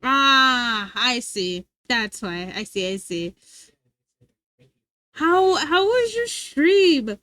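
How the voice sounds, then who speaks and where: High-voiced woman streamer chatting. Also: sing-song, very slow, pushed and bright, no room sound. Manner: playful, chatty, laughs often, talks to chat. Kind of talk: casual live-stream chat.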